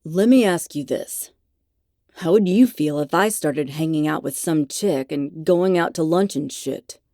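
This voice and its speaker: A woman voicing a sullen, jealous young man who talks in gruff, sarcastic, clipped lines in an audiobook. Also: low-pitched, a little slow, mellow, dry recording, studio quality.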